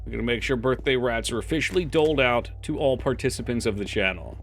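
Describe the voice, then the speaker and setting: A man's voice: medium pitch, fast talker, faint music behind. A man streaming a game live, chatting casually with his chat, swearing freely and now and then reading game text aloud. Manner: reads game files aloud in a flat voice.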